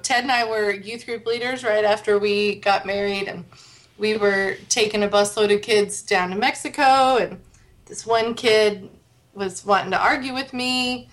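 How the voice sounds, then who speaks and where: A woman's voice: mid-range voice, steady tone, a little slow, a bit bright. A woman in her thirties from the United States, a podcast guest chatting and telling stories. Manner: chatty, storytelling. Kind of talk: casual chat.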